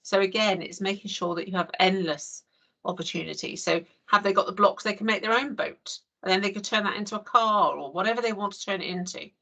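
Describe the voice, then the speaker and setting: A woman's voice: medium pitch, fairly quick, fairly bright tone. An English woman leading an online training session over a video call, chatty and full of "you know". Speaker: early years trainer.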